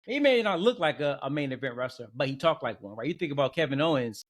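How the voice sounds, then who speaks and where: A man co-hosting a podcast, chatting casually and telling stories with lively acted-out quotes. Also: medium pitch, quick pace. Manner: animated storyteller who jumps into exaggerated quotes. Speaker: podcast co-host. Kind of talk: casual chat.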